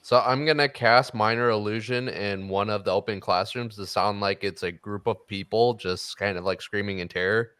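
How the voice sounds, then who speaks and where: A man's voice: lowish voice, fairly even intonation, moderate pace, few pauses, fairly bright tone, clear, resonant tone, dry recording, studio quality. A man playing a tabletop game, explaining his rolls and spells. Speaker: player. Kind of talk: casual tabletop play.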